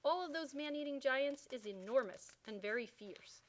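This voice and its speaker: A woman's voice: high voice, animated, normal speed. A woman voicing a huge, kindly old male giant who speaks in mangled grammar and made-up words. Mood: earnest.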